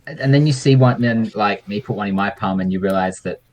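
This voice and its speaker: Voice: low-pitched, brisk, muffled recording, slight background noise. A player in a tabletop game, describing a character's actions in a playful, amused way. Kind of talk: tabletop role-play.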